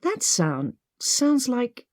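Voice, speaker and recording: A woman's voice: a little high, big pitch swings, drawn-out words, darkish tone, dry recording, studio quality, pitched above the performer's own voice, heavily acted. A woman voicing a breezy, upbeat young heroine. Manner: breezy, brushes off worry. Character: impulsive upbeat young woman treasure hunter.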